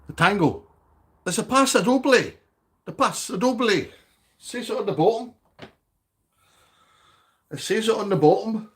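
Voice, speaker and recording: A man's voice: sits high, animated, a little slow, pauses often, a bit bright. A Scottish man chatting casually on a live stream from his home, reading out viewer comments and asking for likes.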